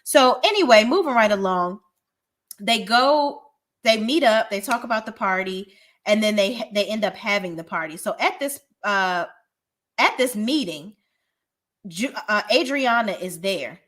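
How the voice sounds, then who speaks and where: A woman's voice: mid-range voice, expressive, unhurried, a bit bright. A woman giving a casual, blunt and profane recap of a reality show, often restarting her sentences as she talks. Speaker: reality TV reviewer.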